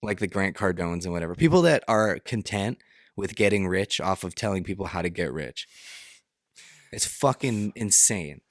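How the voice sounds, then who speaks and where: A man's voice: low-pitched, lively intonation, normal speed, no room sound, clean studio sound. A young man co-hosting a podcast, talking in a rambling, hesitant way with many restarts and fillers. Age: young adult. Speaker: podcast co-host. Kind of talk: casual chat.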